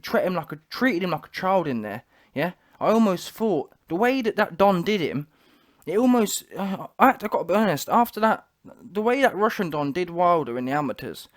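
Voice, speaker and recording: A man giving casual, opinionated boxing reaction commentary, full of slang, restarts and trash talk. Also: on the high side.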